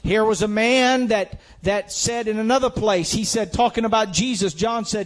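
A man's voice: high-pitched, normal speed, hardly any pauses. A man preaching a sermon with an emphatic, repetitive cadence, building his points through rhetorical questions.

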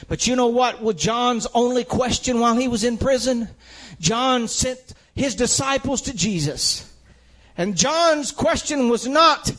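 High-voiced man preaching a sermon. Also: moderate pace, a bit bright. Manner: emphatic, repetitive preaching cadence with rhetorical questions.

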